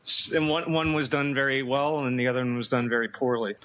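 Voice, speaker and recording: A man's voice: medium pitch, brisk. A male co-host gives dry, critical takes in podcast chat. His middling voice comes through a dull, lo-fi mic that muffles the top end.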